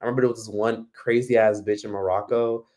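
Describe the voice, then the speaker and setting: A man's voice: lowish voice, flat delivery, quick pace, a little mellow. Blunt, profane man hosting a livestream. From Miami, United States. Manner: blunt, profane, advice-giving. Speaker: livestream host. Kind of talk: casual livestream chat reading comments.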